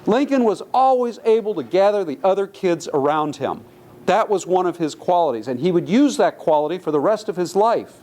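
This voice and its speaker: A man's voice: high-pitched, lively intonation, brisk, darkish tone. Chatty storytelling male lecturer. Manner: conversational, anecdotal, self-correcting. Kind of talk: public lecture. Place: lecture hall.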